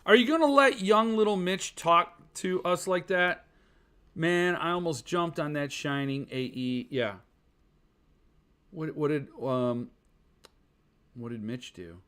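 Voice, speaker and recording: A man with a slightly high, bright, forceful voice hosts a casual live stream. He rambles and reads viewer comments aloud, answering with jokey, self-deprecating asides. His talk wanders and restarts as he chats with the viewers. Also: slow pace, long pauses, smooth. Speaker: podcast host.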